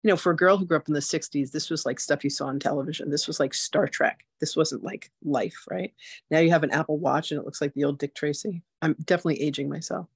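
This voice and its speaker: A woman in her sixties hosting a spiritual masterclass, telling her story in a chatty, animated way full of "like" and "you know". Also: sits low, quick pace, husky, no room sound, clean studio sound. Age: 60s. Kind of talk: casual personal storytelling.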